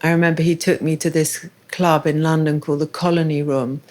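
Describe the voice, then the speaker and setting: A woman's voice: deep voice, level tone, a little fast, darkish tone, a little hiss or hum. A woman hosting a casual onstage conversation at a live festival, speaking in a candid, personal and thoughtful way. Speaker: interviewer and show host.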